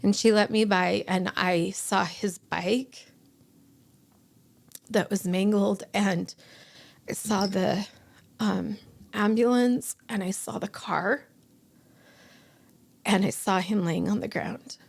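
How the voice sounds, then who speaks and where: A woman's voice: medium pitch, steady tone, slow, creaky, pauses often. A woman in her forties, a guest on a podcast, telling a personal story in short, broken sentences and acting out the voices of the people in it. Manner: emotional, acts out quoted dialogue. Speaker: guest, bereaved mother.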